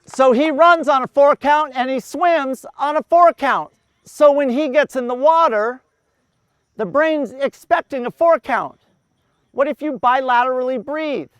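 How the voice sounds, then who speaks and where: A man's voice: very high-pitched, a little slow, fairly bright tone, no echo. A man coaching a group outdoors, explaining running and swimming cadence step by step and counting breaths aloud in rhythm. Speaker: endurance coach.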